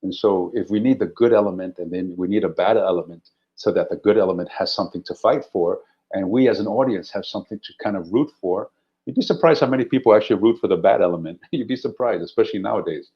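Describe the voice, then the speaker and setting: A middle-aged man, a guest actor, telling stories in an animated, anecdotal way during a casual interview. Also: sits low, fast talker. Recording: dull lo-fi audio.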